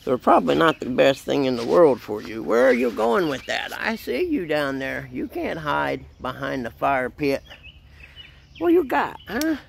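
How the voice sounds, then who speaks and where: A man's voice: mid-range voice, sing-song, normal speed, gravelly, few pauses, a little hiss or hum. A man chatting playfully in baby talk to his puppy while filming it outdoors in his backyard. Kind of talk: casual vlog narration.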